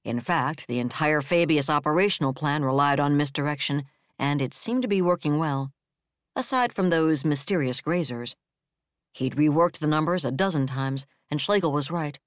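Audiobook narrator reading sci-fi, steady and even, super dry close sound. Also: medium pitch, normal speed, no room sound.

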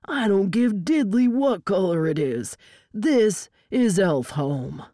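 A woman voicing officious male armed guards who shout bureaucratic demands in an audiobook. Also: medium pitch, expressive, takes it slowly, no echo, studio quality, voice pushed up. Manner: loud and bureaucratic.

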